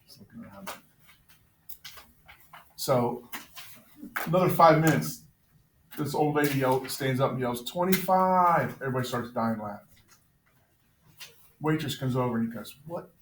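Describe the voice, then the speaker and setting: A male teacher telling jokes to his class in a classroom, with a deadpan storytelling manner. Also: medium pitch, moderate pace, long pauses. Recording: echoey classroom, faint noise.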